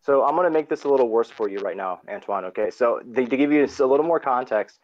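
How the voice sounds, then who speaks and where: A man's voice: mid-range voice, lively intonation, quick pace, dull audio. A man co-hosting a casual live discussion, explaining his points with many restarts over an online call.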